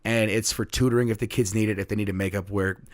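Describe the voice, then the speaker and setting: Low-voiced man telling a lively story. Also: quick pace. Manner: animated storyteller who acts out students in high voices. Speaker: middle school teacher, guest. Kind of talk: casual storytelling chat.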